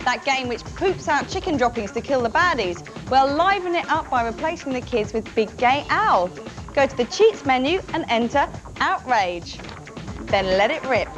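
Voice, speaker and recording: A woman's voice: sits high, very animated, normal speed, long reverb tail, over music. A woman presenting a video game TV show with a sarcastic, mocking manner. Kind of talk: scripted presenting.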